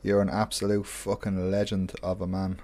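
A man's voice: low voice, monotone, moderate pace, dark tone. A man hosting a music show, introducing a track in an enthusiastic, loose, chatty way. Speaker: radio show host. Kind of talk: casual song introduction.

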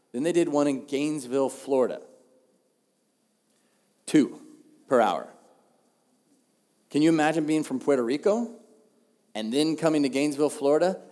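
Conversational pastor, hall echo. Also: male voice, mid-range voice. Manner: conversational, humorous, animated storytelling. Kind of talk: sermon. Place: church auditorium. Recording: long hall reverb.

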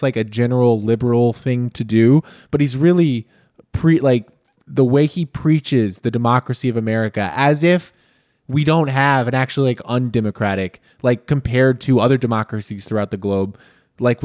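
A man's voice: mid-range voice, darkish tone, no room sound, clean studio sound. Sardonic man reading a book aloud. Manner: sardonic, swears often, laughs while reading. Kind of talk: casual comedic chat. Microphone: phone.

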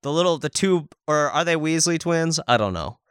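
Bright, crisp-voiced man joking crudely. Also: a little high, animated, moderate pace, dry recording, clean studio sound. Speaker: podcast co-host. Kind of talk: casual profane chat.

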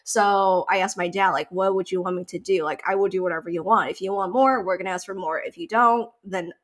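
A woman in her thirties in casual chat, telling a long story in a lively way, full of likes and you-knows. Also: on the low side, a little fast. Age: 30s.

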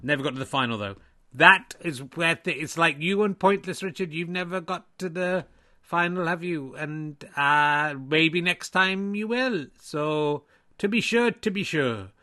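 Man putting on a jovial stage-Irish snooker guy, fake accent, slow rambling blarney, bit high. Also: sharp tone. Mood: boastful.

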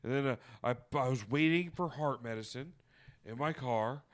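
A man's voice: mid-range voice, moderate pace. A man telling a story in casual podcast chat, swearing freely and piling on fillers. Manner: profane, animated storytelling with lots of fillers.

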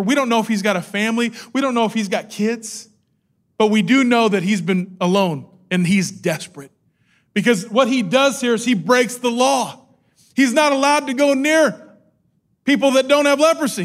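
A middle-aged man preaching a sermon, telling the story with energy and acting out the quotes. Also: high-pitched. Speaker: pastor.

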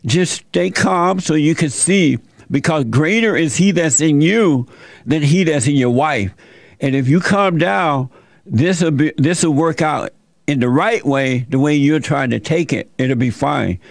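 Brief: male call-in host, gravelly and a bit high, preachy folksy advice, dry close mic. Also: a little slow, no room sound. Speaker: talk show host giving advice to callers.

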